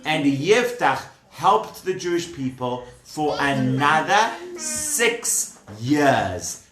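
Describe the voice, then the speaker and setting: Guy telling bible stories to kids, slow and bright, keeps asking them stuff, echoey room. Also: fairly high pitch, very animated. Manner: chatty, asks the children questions. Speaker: children's storyteller. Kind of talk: telling a Bible story to children.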